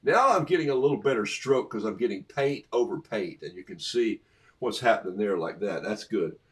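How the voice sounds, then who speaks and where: Painting live for an online audience, a middle-aged man narrates every brushstroke in a chatty, self-amused way. His voice sits on the low side, animated and moderately paced, and he's dealing with a cough.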